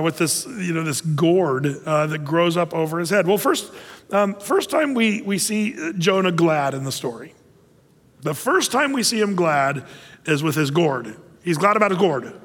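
A man's voice: high-pitched, big-room sound. A male pastor preaching a sermon in a conversational way, with playful asides and acted-out quotes.

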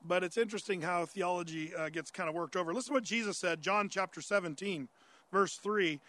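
A pastor whose male voice sits high and sounds sharp teaches from a Bible passage at a fairly quick pace. His sermon is conversational, raising questions from listeners and answering them, with many "uh" fillers and restarted sentences.

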